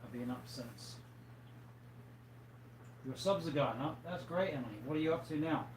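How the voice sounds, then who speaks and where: A tired, yawning livestream host chats casually with viewers from a home room full of fish tanks, reading out their comments. His voice is fairly high and moderately paced, relaxed and chatty, in an echoey room with faint background noise.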